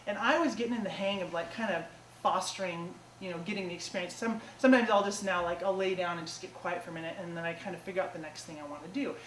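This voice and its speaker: A woman telling funny stories from a small theater stage in a loose, self-mocking way, full of casual fillers. Her voice sounds set back from the mic and rings around a roomy hall, with a clear bed of audience noise behind it. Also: fairly low pitch, quick pace, distant mic. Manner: chatty, self-mocking, lots of "like" and "you know". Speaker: comedic storyteller. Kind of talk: live stand-up storytelling. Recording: echoey theater taped from afar with audience noise.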